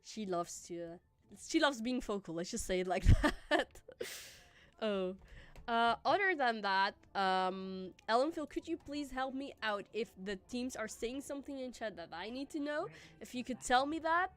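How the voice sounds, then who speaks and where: A woman's voice: fairly high pitch, lively intonation, moderate pace, a bit bright. A woman co-casting an esports match in a chatty, casual way, with many fillers and frequent laughs. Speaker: esports co-caster.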